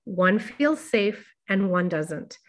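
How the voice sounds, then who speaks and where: A woman's voice: mid-range voice, expressive, takes it slowly. A woman presenting a workshop, explaining things in an informal, careful way with frequent fillers.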